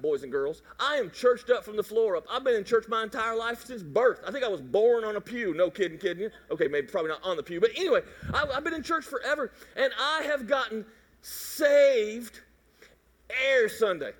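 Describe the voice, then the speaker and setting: Middle-aged male pastor, very high-pitched, playful and animated delivery. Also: a little fast, long reverb tail. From Mississippi. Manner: animated, jokey, acts out voices and roars. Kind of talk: sermon.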